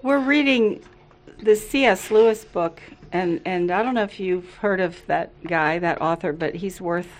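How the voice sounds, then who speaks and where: A woman's voice: fairly low pitch, a little slow. A middle-aged woman co-hosting a casual faith talk, playful and teasing. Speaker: co-host.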